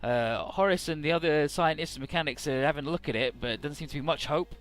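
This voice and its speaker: A man's voice: a little high, fast talker. A man giving casual, irreverent let's play commentary, swearing and stumbling over odd names. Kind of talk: casual game commentary, reading dialogue aloud. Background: faint game music.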